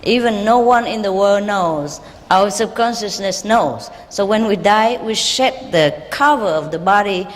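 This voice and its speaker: A woman teaching as a spiritual lecturer, playful and warm with her audience and often laughing. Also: mid-range voice, a little slow, few pauses. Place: large lecture hall. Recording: echoey hall with faint noise.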